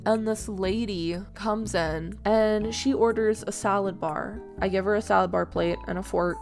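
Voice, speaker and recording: Young woman with a gravelly edge, chatty storytime over game footage, soft music behind. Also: medium pitch, steady tone, moderate pace. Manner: chatty, with many "like"s and acted-out quotes. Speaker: gaming vlogger telling work stories. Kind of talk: casual storytime over gameplay.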